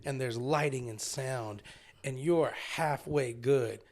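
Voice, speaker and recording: A stand-up comedian co-hosting a podcast, an animated storyteller who swears freely in casual chat. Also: male voice, medium pitch, takes it slowly.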